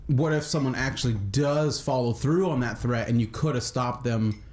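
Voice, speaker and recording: A man's voice: medium pitch, normal speed, darkish tone. A man co-hosting a casual podcast, easygoing and thinking aloud as he talks. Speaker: podcast co-host.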